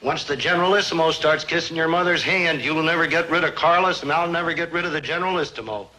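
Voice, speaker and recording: A man's voice: a little high, fast, background noise, natural voice. A middle-aged actor playing a sardonic, grumbling penny-pinching father in a 1950s sitcom.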